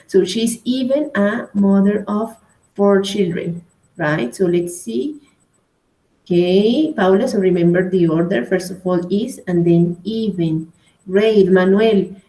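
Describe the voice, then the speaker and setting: A woman's voice: medium pitch, dark tone. Patient woman teaching grammar, echoey room. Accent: Colombian Spanish. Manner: patient, praises students by name, many okays and rights. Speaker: English teacher. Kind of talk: online grammar lesson.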